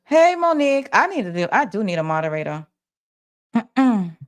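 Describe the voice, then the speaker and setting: A woman's voice: mid-range voice, big pitch swings, normal speed. A woman hosting a livestream, retelling things in a casual, rambling way with lots of fillers. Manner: flustered while managing chat. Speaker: livestream host.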